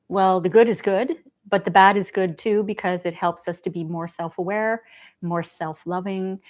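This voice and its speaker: Gentle chatty woman livestream host. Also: lowish voice. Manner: gentle, chatty, laughs often. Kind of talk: casual livestream chat.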